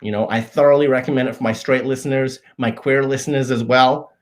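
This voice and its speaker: A man hosting a comedy show, explaining obvious everyday things in a mock-earnest, deadpan way, often stopping and restarting his sentences. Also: mid-range voice. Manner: halting, frequent restarts and self-corrections. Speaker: show host.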